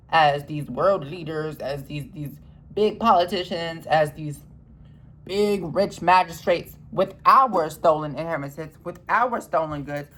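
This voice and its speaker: A woman delivers an impassioned, profanity-laced rant, repeating herself and alternating between loud outbursts and low mutters.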